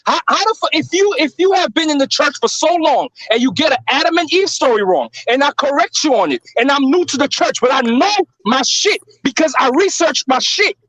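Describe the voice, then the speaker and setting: High-voiced man ranting heatedly. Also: lively intonation, a little fast, few pauses, fairly bright tone, dry recording, rough recording. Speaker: panelist. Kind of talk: heated panel debate.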